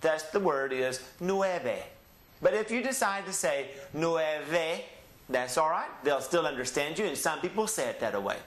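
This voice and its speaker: A sing-song, somewhat bright voice on the high side belongs to a Southeast Texas man giving a classroom-style Spanish lesson in an echoey room. He elongates every word and prompts his learners to say it back to him.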